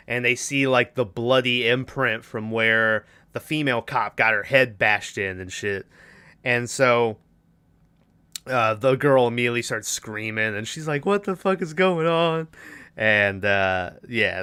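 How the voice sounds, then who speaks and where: A man's voice: mid-range voice, bright, forceful tone, clean tone. A man on a podcast casually retelling a movie's plot and acting out the characters' lines in a rambling way. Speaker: podcast co-host.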